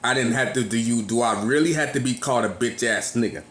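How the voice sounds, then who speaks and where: A man's voice: medium pitch, fast, reverberant. Agitated man in his thirties ranting. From California. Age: 30s. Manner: agitated, rambling, swings loud and soft. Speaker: vlogger. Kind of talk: casual rant to phone camera. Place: grocery store. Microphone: phone.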